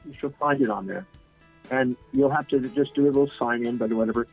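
A man, a guest on a talk program, telling a lively anecdote and acting out the quoted lines. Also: mid-range voice, brisk, soft background music. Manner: animated anecdotal storyteller, acts out quotes. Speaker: guest speaker. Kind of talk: storytelling in an interview. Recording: husky voice on a tinny phone-like line.

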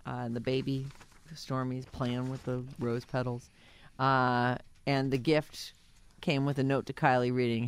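A woman hosting a radio show, chatting casually and gossiping with an animated, laughing delivery. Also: very deep voice, unhurried, clear, resonant tone, no room sound. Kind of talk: casual morning-show chat.

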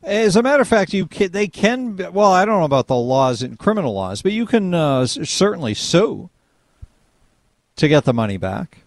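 A male talk radio host takes calls and answers in a conversational, agreeable way. His pitch moves around a lot and sits a bit high. The sound is dry and close. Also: big pitch swings, moderate pace, no echo. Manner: conversational, agreeable, reacting to callers.

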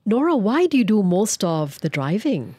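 A woman's voice: mid-range voice, big pitch swings, normal speed, mellow, slightly rough, no room sound. A woman hosting an interview, asking curious, short follow-up questions. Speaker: podcast host. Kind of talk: conversational interview.

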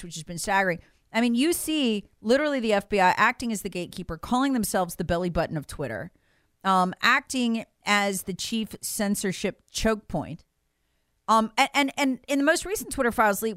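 Woman pundit, emphatic and scornful, smooth clear tone, close dry sound. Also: medium pitch, fairly bright tone, no echo. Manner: indignant, emphatic, mocks quoted officials. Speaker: political commentator. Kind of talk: political talk show commentary.

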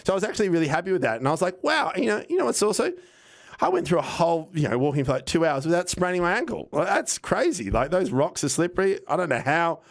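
A man, telling a casual, animated anecdote on a podcast, acting out what people said and swearing now and then. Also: a little high, quick pace, vocal fry. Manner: animated, rambling anecdote with acted-out quotes and swearing. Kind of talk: casual storytelling chat.

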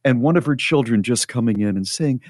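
A man co-hosts a radio talk show and tells a story in a measured, reflective way. His voice sits at a medium pitch. The recording is dry and close, with no room around it. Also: expressive, a little mellow, dry recording. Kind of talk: casual chat.

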